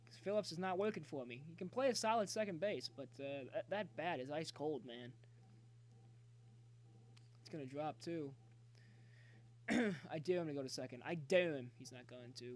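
A man streaming a baseball video game, talking chattily to viewers and yelling excitedly at the plays. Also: on the high side, normal speed, long pauses, slight background noise. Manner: excitable, cheers and yells at the game; talkative, jokey banter with viewers. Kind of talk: live gameplay commentary.

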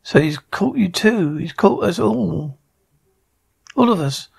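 Guy doing a scared broken old man, gravelly, despairing. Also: sits high, expressive, slow pace, a little mellow, exaggerated voice.

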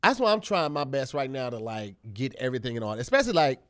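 A man co-hosting a comedy podcast, talking casually and reading an ad, animated and often laughing. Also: fast talker. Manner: animated, acts out quotes in high voices, laughs often. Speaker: podcast co-host. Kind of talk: casual comedic chat and host-read ad.

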